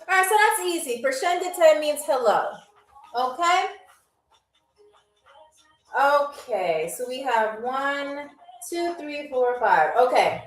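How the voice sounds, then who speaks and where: A woman's voice: sits high, echoey room, far from the mic, low-quality recording. A woman hosting a live online game show in a playful, chatty, teasing way. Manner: chatty, teasing, laughs often.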